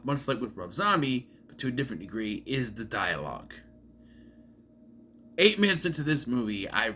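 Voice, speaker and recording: A man's voice: medium pitch, sharp tone, slight background noise. A young man giving a casual, rambling movie review who often stops to correct himself. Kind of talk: casual film review vlog.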